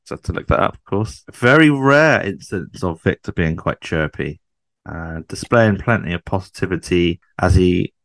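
A man's voice: low-pitched, lively intonation, moderate pace, a bit bright, no room sound, clean studio sound. A man co-hosting a podcast in casual chat, chatty and fond of tag questions. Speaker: podcast co-host. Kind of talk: casual chat about a TV sitcom.

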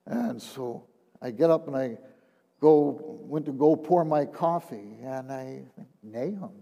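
An older man, a retired minister, giving a personal testimony, halting and repeating words, often dropping to a hushed tone. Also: mid-range voice, gravelly. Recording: long reverb of a large hall.

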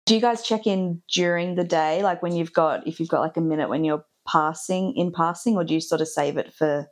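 Low-voiced, earnest woman guest. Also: steady tone, brisk, soft background music. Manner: reflective and earnest. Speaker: podcast guest. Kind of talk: candid casual chat.

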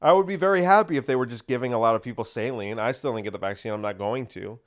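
Talking fast in a mid-range voice, a male podcast host launches into a ranting, sarcastic monologue driven by his opinions and loaded with rhetorical questions.

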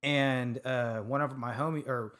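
Brief: easygoing young guy from Sacramento, casual storyteller, laughs a lot, salty language, middle-pitched voice. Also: steady tone, measured pace, a bit bright. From Sacramento, California. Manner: laid-back, laughs often, swears freely. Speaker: podcast guest, food truck owner.

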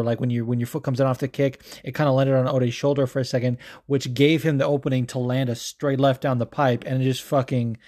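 Hungover guy rambling thru a fight recap, swears constantly, lots of ums. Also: medium pitch. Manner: profane, rambling and animated, with many fillers. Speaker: podcast host recapping fights. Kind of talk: casual chat.

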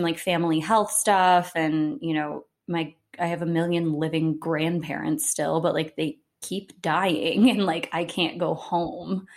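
A woman co-hosting a podcast, chatting in a relaxed, supportive, advice-giving way. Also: low-pitched. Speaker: podcast co-host. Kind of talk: casual chat.

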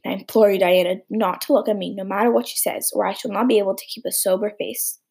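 A woman's voice: mid-range voice, fairly even intonation, fast talker, creaky, a little mellow, slightly rough. A woman reading a spirited, earnest young girl. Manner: firm, earnest.

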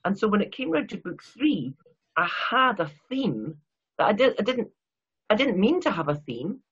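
A woman's voice: mid-range voice, sing-song, normal speed, husky, muffled recording. Chatty Scottish woman, rambling and self-mocking. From Scotland. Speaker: guest author. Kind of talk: casual interview chat.

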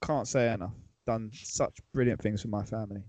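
A man's voice: lowish voice, fairly even intonation, a little fast, a little mellow, no echo. A man on a podcast panel and a Saturday youth football coach, who speaks earnestly and restarts his sentences often. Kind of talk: casual podcast chat.

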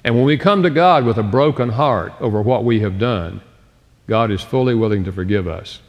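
A man giving a sermon-style talk on relationships, expressive and emphatic, slowing down to stress points. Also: lowish voice, highs cut off. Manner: expressive, slows down for emphasis and acts out quoted dialogue. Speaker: speaker on relationships. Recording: long reverb of a large hall.

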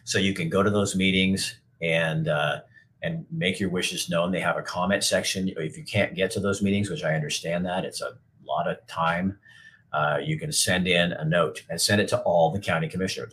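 A man's voice: sits low, a bit bright, a little hiss or hum. A middle-aged man hosting a casual livestream, reading viewer comments aloud and answering them in a blunt, rambling way with frequent swearing and restarts. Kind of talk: casual unscripted livestream talk.

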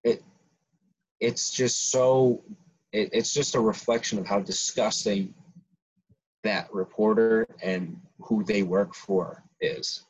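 Co-hosting a casual podcast, a man of about twenty rants his views heatedly with frequent restarts. He speaks slowly in a lowish, husky voice with fairly even intonation, and the recording is dull and lo-fi.

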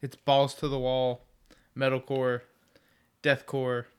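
A man's voice: mid-range voice, monotone, takes it slowly, smooth. A man co-hosting a podcast, joking and teasing in casual chat. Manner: jokey, spells words out, teasing. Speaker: podcast co-host.

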